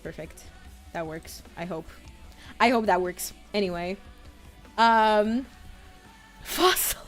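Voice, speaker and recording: A woman in her twenties streaming live, chatting casually, excitable and a bit nervous as she greets her viewers. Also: mid-range voice, slow pace, soft background music. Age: 20s. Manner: excitable, gushing greetings to chat; nervous, self-conscious chatter.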